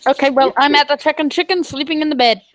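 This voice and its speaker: A woman chatting playfully as a co-player during a gaming stream. Her voice is a bit high, and the sound is dry and close. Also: fast talker, no echo, rough recording. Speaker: co-player, guest. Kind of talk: casual gaming chat.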